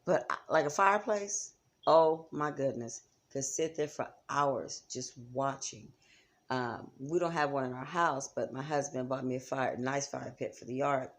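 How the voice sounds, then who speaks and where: A woman's voice: very deep voice, unhurried. A woman giving a chatty, casual lesson on spiritual practice, often checking in with her listeners. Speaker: psychic teacher. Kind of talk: casual instructional talk.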